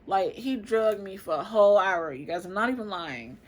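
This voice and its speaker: A woman in her twenties telling a personal story to camera in a chatty, expressive way, often calling out to viewers. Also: medium pitch, moderate pace. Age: 20s. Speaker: vlogger.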